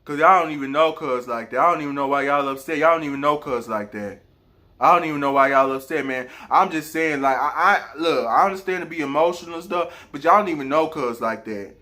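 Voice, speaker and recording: A man's voice: on the high side, a little fast, pushed and bright. A man voicing an indifferent young man who sounds casual and dismissive.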